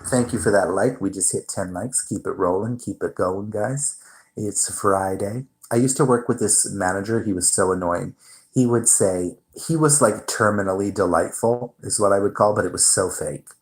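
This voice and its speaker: A man's voice: deep voice, poor audio. A man hosting his own livestream, chatting casually and telling a rambling story with some swearing. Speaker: livestream host.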